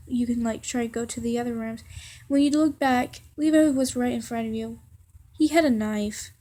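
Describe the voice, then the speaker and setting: A young woman reading a second-person fan story aloud in a halting way, with fillers and restarts. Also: on the high side, dark tone.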